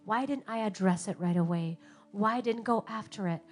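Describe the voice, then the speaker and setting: A woman in her thirties preaching a sermon, telling stories and acting out quotes with big swings in loudness. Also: medium pitch, moderate pace. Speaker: pastor.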